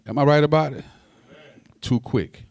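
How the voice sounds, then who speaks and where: A man in his sixties preaching a sermon as pastor, folksy and direct with the congregation, his voice climbing high on emphasis and stumbling over repeated words. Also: moderate pace, dry recording, studio quality. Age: 60s. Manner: folksy, talks straight to the congregation.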